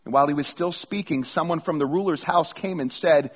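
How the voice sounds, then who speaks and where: Speaking briskly with hardly any pauses in a slightly high voice, a middle-aged pastor reads scripture and tells casual stories in his sermon, often starting phrases over. A long hall reverb colors the recording.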